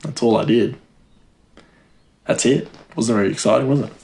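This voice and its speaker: A man's voice: mid-range voice, normal speed, creaky, warm tone. A man chatting casually to viewers. He rambles, giggles and fills his talk with "like". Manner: rambling, giggly, filler-heavy. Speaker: vlogger. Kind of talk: casual chat. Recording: echoey room.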